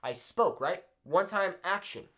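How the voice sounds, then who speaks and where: Lively-voiced man teaching at a whiteboard. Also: sits high. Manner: checks in often with "okay?" and repeats examples slowly. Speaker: Spanish teacher. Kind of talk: whiteboard language lesson. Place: indoors at a whiteboard.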